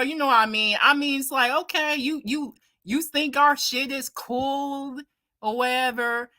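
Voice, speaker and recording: A woman's voice: high voice, steady tone, measured pace, bright, forceful tone, no room sound. A woman giving a casual, heated, profane opinion rant to her viewers, blunt and repeating herself for emphasis. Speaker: commentary streamer.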